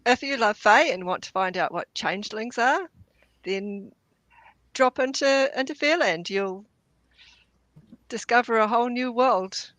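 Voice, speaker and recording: A woman's voice: fairly high pitch, animated, measured pace, long pauses, a bit bright. A woman author from New Zealand, with a New Zealand accent, speaking in a hesitant, amused way on a video-call panel.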